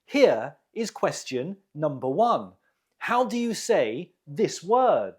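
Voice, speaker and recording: A man hosting an English quiz lesson, slowly modelling words with deliberate pronunciation. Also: a little high, big pitch swings, slightly rough. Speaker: English teacher.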